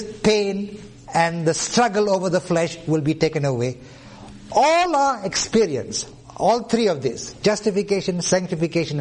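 A man's voice: fairly high pitch, darkish tone. A man preaching a sermon, citing scripture references and asking the congregation questions that he answers himself. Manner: reads out scripture references deliberately.

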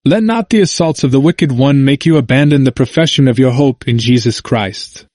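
A man voicing a steadfast young Christian wife who faces death, speaking firmly and gently. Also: medium pitch, normal speed, no room sound, clean studio sound, lightly acted. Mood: firm, gentle. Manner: firm and gentle.

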